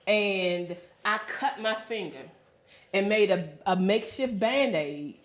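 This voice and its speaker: A woman's voice: mid-range voice, slow, roomy sound. A woman co-hosting a talk show, telling a personal story casually and acting out what people said. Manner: expressive, animated retelling with acted-out quotes.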